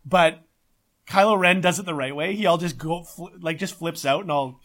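A man co-hosting a casual podcast, talking in an excitable, emphatic way and swearing often. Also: a little high, normal speed. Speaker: podcast co-host.

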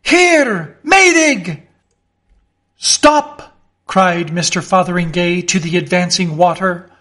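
Man putting on a panicked, shouting little clerk. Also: high voice, steady tone, takes it slowly. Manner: shouting in panic against a storm. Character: frightened timid male clerk working miracles.

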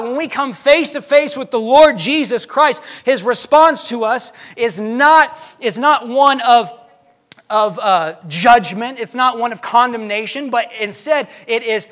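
A young man with a notably high voice preaches a sermon in church. He speaks with passion and drives his points home by repeating key phrases. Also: measured pace, a bit bright. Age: young adult. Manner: impassioned, repeats phrases for emphasis.

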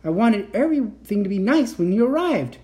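A man's voice: big pitch swings, a little fast, warm tone. A man doing a flustered, absent-minded uncle inventor. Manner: fussy, apologetic, higher than the reader's own voice. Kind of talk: reading a children's book aloud.

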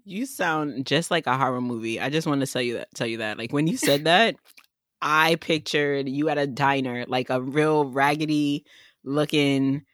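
A young woman from New tells stories in a loose, casual chat. She is animated and slips into the voices of the people she quotes. Her voice sounds close and dry. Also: low voice, normal speed, no room sound. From New York.

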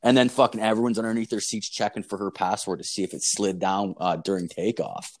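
A man's voice: lowish voice, steady tone, fairly quick. A young man hosting a podcast, telling a long story in casual chat, rambling and swearing constantly with lots of "like" and "dude". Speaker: podcast host.

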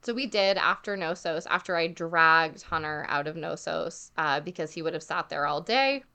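Bright, chatty young woman. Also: deep voice, moderate pace, smooth. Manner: chatty, heavy filler "like", animated quoting. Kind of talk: casual travel storytelling.

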